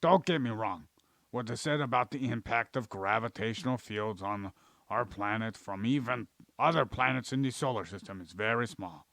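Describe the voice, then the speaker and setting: Creaky-voiced man ranting profanely. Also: on the low side, normal speed, a bit bright, no room sound. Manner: plays an alien persona in an ordinary voice. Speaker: podcast co-host. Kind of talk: rambling comedic science chat.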